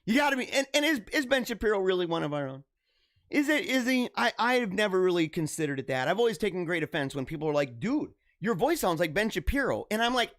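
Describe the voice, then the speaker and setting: Young male host, lively casual reaction commentary; swoops up and down in pitch, laughs a lot, repeats himself. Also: fairly quick.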